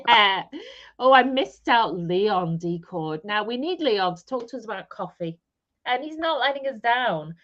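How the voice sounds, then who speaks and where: A woman's voice: a little high, lively intonation, a little slow, fairly bright tone, muffled recording. A married woman co-hosting a live stream from a caravan, chatting casually with giggles and playful teasing. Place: caravan in mid Wales, rain outside.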